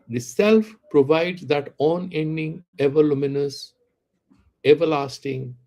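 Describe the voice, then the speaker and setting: A man gives a philosophy lesson, glossing Sanskrit words as he goes. His voice is gravelly with a mellow, dark tone. He keeps asking rhetorical questions and then answering them himself. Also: mid-range voice. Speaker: Vedanta teacher. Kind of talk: philosophy lecture.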